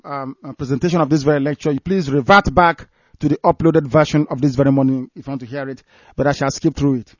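A man's voice: on the high side, no echo. A man with a Nigerian accent, a broadcaster delivering impassioned commentary and ranting with repeated phrases for emphasis. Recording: dry, dull lo-fi recording.

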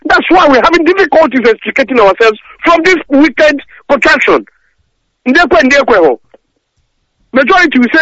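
A man's voice: very high-pitched, big pitch swings, normal speed, bright, forceful tone, no echo. A man calling in to a radio talk show, ranting angrily and stumbling over his words. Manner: angry, repetitive stammering rant. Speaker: caller. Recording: dull lo-fi phone-in audio.

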